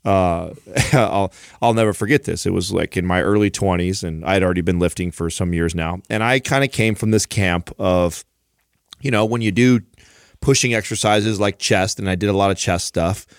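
Low-voiced man telling a rambling story. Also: normal speed, no room sound, studio quality. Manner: rambling storyteller, self-mocking. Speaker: podcast co-host. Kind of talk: casual chat.

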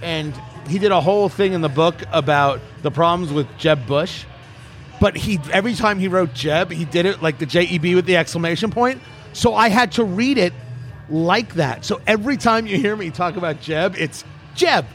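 Male host, rambling and self-amused, a little high-pitched, faint music bed. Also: normal speed, a bit bright. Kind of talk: casual panel chat.

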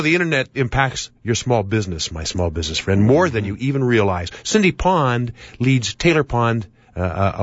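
A man with a slightly hoarse voice hosting a radio talk show and interviewing a guest in an affable way. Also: lowish voice, dry recording. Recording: dull lo-fi radio recording.

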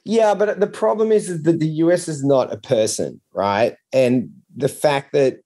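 A man's voice: fairly high pitch, normal speed, warm tone. A man who is not from the United States pushes back in a casual podcast chat, arguing his points. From outside the United States.

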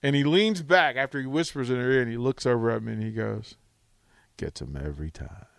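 A man hosting a sports radio talk show, telling a rambling, animated anecdote with restarts into a studio mic. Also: mid-range voice, fast talker, creaky, clear, resonant tone, no room sound.

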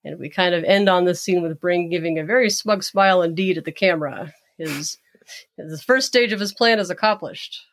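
A woman co-hosting a podcast, narrating an episode recap in a relaxed, easygoing way. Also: fairly low pitch, moderate pace. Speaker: podcast co-host.

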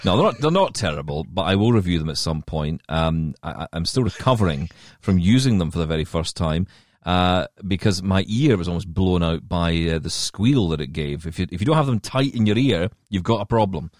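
Lively deep-voiced podcast host. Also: male voice, a little fast, dry recording, clean studio sound. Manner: animated, laughs easily, restarts often. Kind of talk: casual podcast chat.

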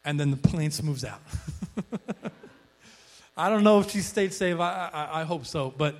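A male pastor delivers his sermon like he's telling a story in conversation, with frequent restarts. His voice is on the high side and a little slow, growing excited when he acts out quotes.

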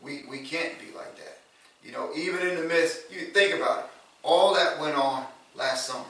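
A man preaching a sermon in a relaxed, conversational way, repeating words and rising to loud emphasis. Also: on the high side, moderate pace. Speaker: pastor. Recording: echoey room from far off.

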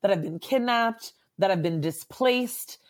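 Woman, psychologist guest on an interview podcast; loose, animated delivery, mimics clients, filler-heavy. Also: mid-range voice, a little slow. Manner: animated, acts out client quotes; frequent "like" and "right?" fillers.

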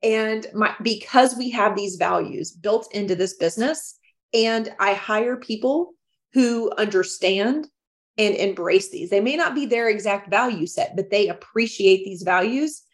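A woman speaking as a guest on a business podcast, talking in an emphatic, expressive way with frequent restarts and laughs. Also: medium pitch, normal speed, few pauses. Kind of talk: casual interview chat.

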